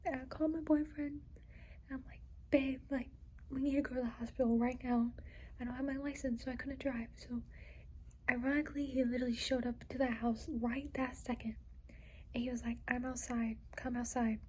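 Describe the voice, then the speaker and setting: A woman's voice: high-pitched, flat delivery, a little fast, mellow, slight background noise, low-quality recording. A young woman in a casual personal vlog, talking in a rambling way with lots of "like" and "you know", trying to hold back tears. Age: young adult. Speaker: vlogger.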